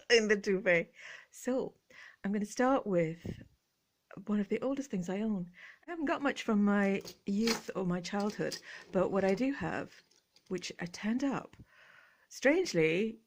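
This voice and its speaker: A woman in her fifties with an English accent chats casually to camera from a cosy room at home. She is jokey and self-deprecating, breaking into giggles. Her voice sits at a middling pitch. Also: darkish tone. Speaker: vintage collector vlogger. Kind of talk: relaxed chatty vlog.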